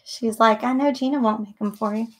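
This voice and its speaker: A woman's voice: a little high, steady tone, fairly quick. A middle-aged woman hosting a live painting tutorial, chatting and thinking aloud as she works. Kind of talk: live painting demo with casual chat.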